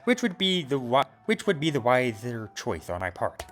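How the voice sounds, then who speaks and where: A man voicing a ponderous male businessman in a game, slow and measured. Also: medium pitch, very animated, fairly bright tone. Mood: thoughtful.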